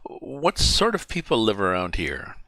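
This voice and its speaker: A man's voice: lowish voice, wildly swooping pitch, measured pace, gravelly, pushed and bright, no room sound, pitched above the performer's own voice, heavily acted. A man voicing a polite, curious young girl in a storybook reading, asking timid questions in a raised voice.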